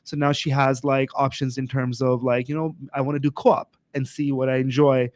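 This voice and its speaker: Male teacher as podcast guest, mid-pitched, dry close sound, chatty with lots of fillers. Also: flat delivery, normal speed, no room sound. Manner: chatty, many "you know" fillers. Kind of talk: casual conversational explaining.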